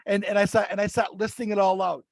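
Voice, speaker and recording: A man co-hosting a podcast, telling a long story in casual chat, animated and acting out the voices he quotes. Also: high-pitched, quick pace, gravelly, no echo. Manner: animated, acts out quoted voices, many restarts. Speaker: podcast co-host.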